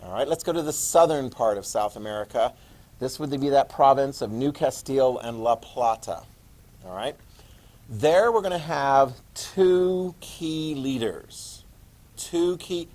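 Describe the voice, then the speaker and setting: A man teaching a history class, animated, asking his students questions and answering them himself. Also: medium pitch, unhurried. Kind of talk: classroom lecture.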